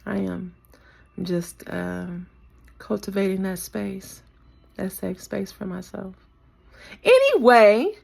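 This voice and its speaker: Lady vlogger musing into her phone, low gravelly voice, loose chatty rant. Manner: reflective, talks to herself, laughs often. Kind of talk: casual rant to camera. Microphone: phone camera.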